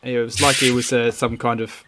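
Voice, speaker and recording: A man's voice: mid-range voice, flat delivery, brisk, background noise. A man hosting a podcast among friends and serving as dungeon master, chatting casually with jokey, rambling asides and free swearing.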